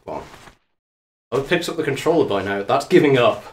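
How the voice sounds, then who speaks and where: A man streaming a game live, out of breath and excitable, talking to the character on screen and to his viewers. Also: medium pitch, brisk. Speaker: let's play streamer. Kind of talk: live gameplay commentary. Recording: echoey room, mic at a distance.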